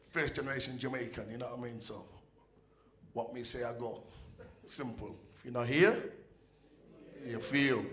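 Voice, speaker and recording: On a club stage, a male comedian tells stories into a handheld mic, chatty and profane, checking in with the crowd often. His voice sits at a medium pitch, with background noise and a roomy club echo around it.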